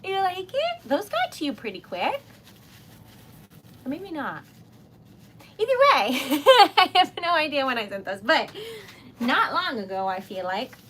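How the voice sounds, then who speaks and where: A young woman chats through a crafting livestream, her voice sitting a little high. She is self-deprecating and quick to giggle and gush. A faint hum of room noise sits behind her. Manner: chatty and self-deprecating, giggly, gushes excitedly. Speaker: livestream host making wax seal stickers. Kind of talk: casual livestream chat while crafting.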